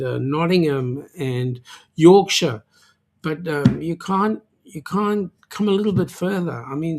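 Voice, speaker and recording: A man hosting a casual livestream chat, from South Africa, teasing his viewers and talking in halting bursts full of filler sounds and restarts. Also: a little high. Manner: joking and teasing. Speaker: livestream host.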